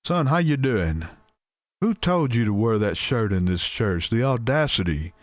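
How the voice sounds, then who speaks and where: A man's voice: mid-range voice, sing-song, measured pace, no echo. A man voicing a stern older backwoods preacher who scolds in a drawling, accusatory cadence. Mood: scolding.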